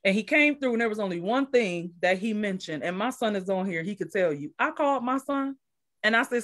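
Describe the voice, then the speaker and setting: A woman's voice: mid-range voice, expressive, brisk, a bit bright. A woman who runs a daycare, casually telling her story as a guest and repeating phrases for emphasis.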